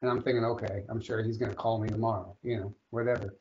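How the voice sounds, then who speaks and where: A man, a guest on an interview show, telling a long personal story in a rambling, animated way with many restarts. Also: fairly low pitch, fast talker, slight background noise. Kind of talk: casual storytelling in a podcast interview. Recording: dull lo-fi audio.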